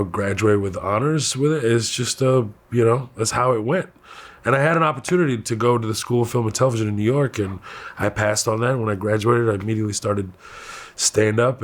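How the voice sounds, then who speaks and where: A medium-pitched man with a Houston, Texas accent appears as a comedian guest in a candid interview. He's animated and laughs often while telling stories from his youth.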